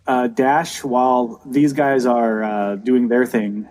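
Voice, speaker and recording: A man's voice: mid-range voice, flat delivery, takes it slowly, darkish tone. A man acting as dungeon master, patiently explaining the rules step by step. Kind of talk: running a tabletop game.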